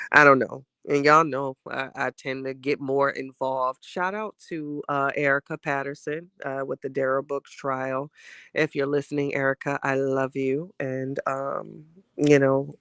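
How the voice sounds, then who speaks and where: A man hosts a casual chat show while getting over a cold, offering candid, rambling, heartfelt commentary at length. His mid-range voice is pushed and bright, clear and resonant. The studio recording is clean with no room sound.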